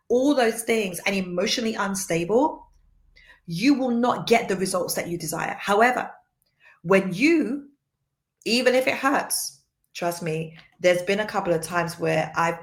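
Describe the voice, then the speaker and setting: A woman giving a livestream faith teaching, soft-spoken and earnest, repeating points for emphasis. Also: mid-range voice. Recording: roomy echo.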